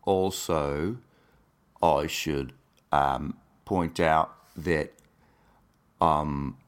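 A groggy man who has just woken up, hosting his podcast in a put-on Australian/New Zealand accent with a deep morning voice, rambling and deadpan. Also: very slow, clean tone. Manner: rambling, deadpan, self-mocking. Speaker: podcast host. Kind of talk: rambling comedic monologue.

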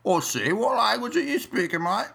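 A man putting on a brash British man with an exaggerated thick British accent, in a high, loud voice. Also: very animated, moderate pace, vocal fry, slightly rough, full character voice. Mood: indignant. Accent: exaggerated British put-on.

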